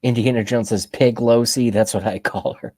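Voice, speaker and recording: A man's voice: on the low side, steady tone, a little fast, a little mellow, breathy edge, no echo. A man in his thirties hosting a political livestream, ranting sarcastically and rambling as he talks to his chat. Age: 30s. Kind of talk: ranting opinion commentary.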